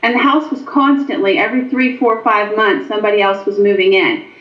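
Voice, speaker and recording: Woman, animated storyteller, interview guest, echoey room, muffled audio. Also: medium pitch, fairly quick. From Pennsylvania. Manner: animated storyteller, frequent ums. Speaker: paranormal investigator and author. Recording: echoey, dull lo-fi sound.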